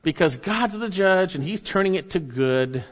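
A man's voice: high-pitched, lively intonation, normal speed. A man preaching a sermon as pastor, earnest, with rising emphasis and asides to the congregation. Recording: dull, hall reverb.

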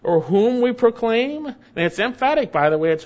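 A man preaching an expository sermon, stressing key phrases and repeating them, slowing for emphasis and hurrying through asides. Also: very high-pitched, very animated. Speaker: pastor. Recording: dull lo-fi sermon recording.

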